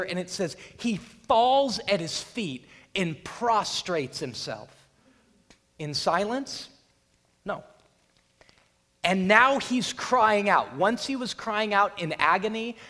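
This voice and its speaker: A man preaching a sermon, retelling a scripture scene dramatically and acting out the voices, building to loud peaks. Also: sits high. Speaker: pastor. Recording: long reverb of a large hall.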